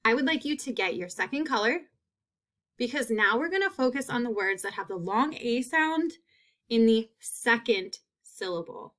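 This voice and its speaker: A woman teacher giving a phonics lesson, stretching out sounds and repeating each word slowly. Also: on the high side, expressive, fairly bright tone.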